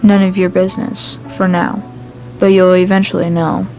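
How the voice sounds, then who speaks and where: A woman's voice: lowish voice, little pitch movement, moderate pace, darkish tone, faint music behind, close to an everyday voice, rough recording. A woman voicing a cold, disembodied voice that speaks in a curt and dismissive way. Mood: mocking. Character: cold, mocking disembodied voice in the head.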